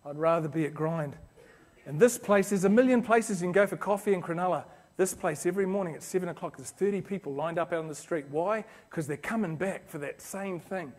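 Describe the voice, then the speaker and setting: A man's voice: high-pitched, brisk, a little mellow. A man in his forties giving a motivational conference talk, telling stories and acting out little scenes. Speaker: conference speaker. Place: conference hall.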